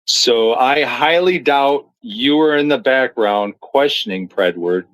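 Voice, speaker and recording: A man's voice: medium pitch, slow, fairly bright tone, rough recording. A man commentating on clips and reading viewer comments in a blunt, profane, storytelling manner. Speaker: streamer commentator.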